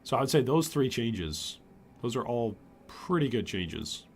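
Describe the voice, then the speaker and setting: A man streaming gameplay, chatty and animated, commenting on his build and answering chat. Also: medium pitch, measured pace, a little hiss or hum. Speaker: streamer, game host.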